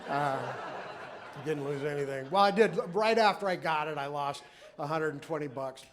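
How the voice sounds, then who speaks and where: A man's voice: fairly high pitch, normal speed, fairly bright tone. A middle-aged male comedian doing a self-mocking, rambling stand-up routine on a club stage, with audience laughter behind him. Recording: live club recording with crowd noise.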